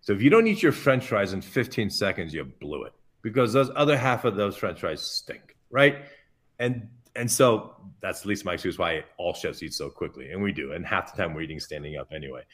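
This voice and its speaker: Animated man telling a funny story. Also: on the low side. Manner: animated, self-mocking anecdotes with quick asides. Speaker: chef guest. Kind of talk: storytelling in a podcast interview.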